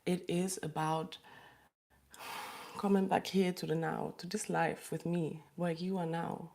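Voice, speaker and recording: Low gravelly-voiced woman, soft and halting. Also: little pitch movement. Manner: soft, halting, many pauses and sighs. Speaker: livestream host. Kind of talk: emotional live chat. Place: small room with windows closed.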